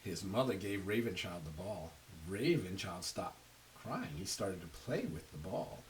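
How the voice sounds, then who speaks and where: A man's voice: low voice, measured pace. A man reading a picture book aloud to children, stopping to ask his listeners questions. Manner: animated, asks the listeners questions. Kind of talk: read-aloud storytelling. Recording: faint hiss, a little distant from mic.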